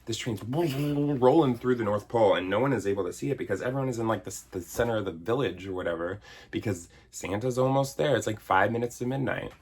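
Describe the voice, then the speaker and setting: Husky, exasperated man ranting about a film. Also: lowish voice, fairly quick, a little mellow. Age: 30s. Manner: sarcastic, exasperated, swears casually. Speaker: video essayist reviewing a film. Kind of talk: comedic movie review rant.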